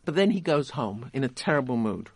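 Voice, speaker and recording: A man's voice: medium pitch, very animated, brisk, husky, no room sound. A man giving a conversational literature lecture and reading passages aloud. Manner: conversational, explanatory, with restarts.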